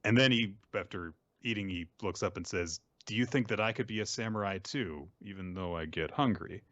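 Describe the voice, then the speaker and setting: A man's voice: fairly low pitch, fairly quick, fairly bright tone, no echo, lo-fi sound. A man hosting a podcast who casually recaps comic chapters and mimics the characters' lines as he retells scenes. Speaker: podcast host.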